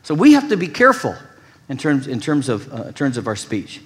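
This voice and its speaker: A man's voice: medium pitch, wildly swooping pitch, a little fast. A man preaching a sermon in a conversational way, often restarting phrases and adding emphatic asides to the congregation. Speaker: pastor.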